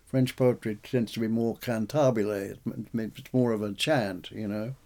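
A man's voice: fairly low pitch, normal speed, creaky. Man recounting verse translation work. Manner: animated, recites verse aloud. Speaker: poet and translator. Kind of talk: conversational interview.

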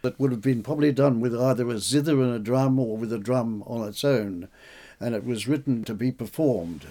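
A man's voice: medium pitch, normal speed, warm tone. A man, a poet and translator, talking in an interview about his translation of a medieval poem and reciting lines aloud with animation. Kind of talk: conversational interview.

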